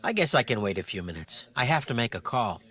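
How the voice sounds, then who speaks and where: A man's voice: medium pitch, sing-song, fast talker, a bit bright, husky. An actor playing a friendly, cheerful father in a scripted family dialogue.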